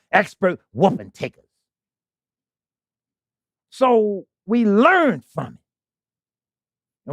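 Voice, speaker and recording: A man's voice: a little high, no echo. A man preaching a sermon to a congregation, full of rhetorical questions and call-and-response. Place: congregation hall.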